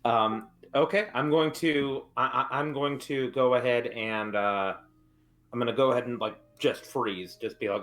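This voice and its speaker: A man's voice: mid-range voice, steady tone, moderate pace, a bit bright, faint music behind. A man playing a tabletop game, speaking playfully in character as a simple-minded giant. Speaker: player. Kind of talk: tabletop game role-play.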